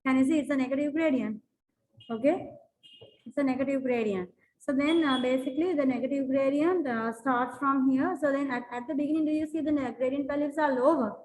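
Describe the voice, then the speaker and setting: A woman teaches a maths lesson explaining graphs in a classroom, repeating herself with many fillers and restarts and often asking whether the students follow. Her voice is high, fairly quick, and a little mellow. The audio is poor.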